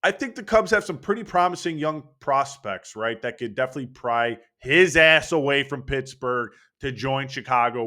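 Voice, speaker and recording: A man's voice: mid-range voice, sharp tone. A young man hosting a casual sports opinion monologue, brash and profane, talking with hyped energy. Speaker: baseball channel host.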